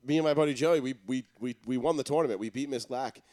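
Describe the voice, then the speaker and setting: A man's voice: medium pitch, quick pace, warm tone. A man co-hosting a casual podcast with friends, laid-back and swearing freely. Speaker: podcast co-host. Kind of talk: casual banter among friends.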